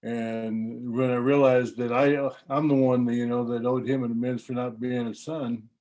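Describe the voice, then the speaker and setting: Brief: older man, meeting member, halting share full of fillers, mellow dark tone. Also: medium pitch, little pitch movement, low-quality recording. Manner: hesitant, halting, many fillers. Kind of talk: personal share at a recovery meeting.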